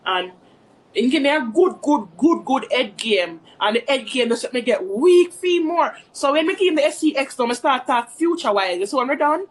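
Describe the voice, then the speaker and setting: High-voiced chatty woman vlogger. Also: lively intonation, normal speed. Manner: rambling, chatty, addresses viewers as guys. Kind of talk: casual storytime vlog.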